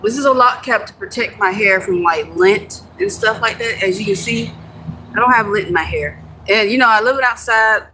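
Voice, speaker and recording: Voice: medium pitch, normal speed, noisy background. A person casually chatting on a livestream, explaining things in a loose, talkative way with lots of "you know". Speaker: livestreamer and music producer.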